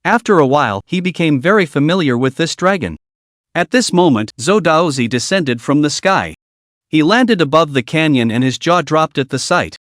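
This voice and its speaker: A man reads a fantasy comic recap aloud. His voice sits slightly high and the recording is dry and close. He keeps an even, steady delivery. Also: moderate pace, no echo. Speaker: narrator. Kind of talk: scripted story recap narration.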